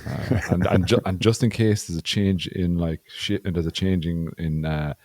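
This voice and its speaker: Deep-voiced man, sarcastic and sweary. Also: fairly even intonation, normal speed, darkish tone, dry recording. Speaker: podcast co-host. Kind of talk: casual chat.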